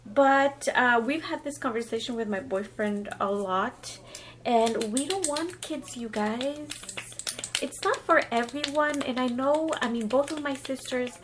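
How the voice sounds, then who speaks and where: A woman in her thirties, talking through a chatty get-ready-with-me vlog with lots of fillers, emotional and warm toward her viewers. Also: fairly high pitch, slight background noise. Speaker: beauty vlogger.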